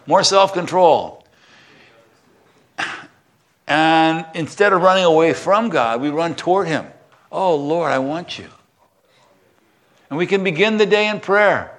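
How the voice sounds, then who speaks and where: An older man giving a sermon and leading spoken prayer, earnest and often dropping to a hushed voice. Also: a little high. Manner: earnest, drops to a soft hush when praying. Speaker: pastor.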